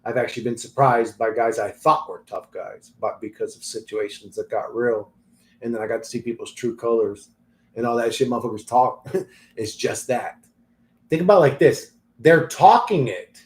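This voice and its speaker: A man's voice: mid-range voice, lively intonation, normal speed, a little mellow. Guy ranting on his vlog, blunt and sweary, laughs a lot, mid voice, echoey room. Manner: blunt, profane, laughs often. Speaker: channel host. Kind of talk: casual vlog rant.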